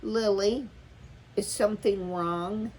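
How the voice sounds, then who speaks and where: A woman voicing an eager, talkative young mother mouse in a storybook reading, piling up excited questions. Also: medium pitch, slow pace, a little hiss or hum, pitched above the performer's own voice, close to an everyday voice.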